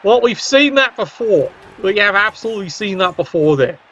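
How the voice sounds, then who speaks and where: A man's voice: high voice, sing-song, normal speed, a bit bright, dull audio. A man giving casual, chatty commentary on a tabletop-style video game, joking with viewers in the chat.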